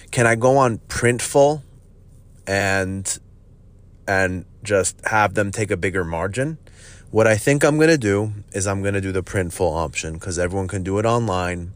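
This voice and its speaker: A man's voice: low-pitched, lively intonation, measured pace. A man hosting a podcast, talking bluntly in a casual monologue, cursing and calling listeners bro. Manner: blunt, profane, says "bro". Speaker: podcast host, gym owner.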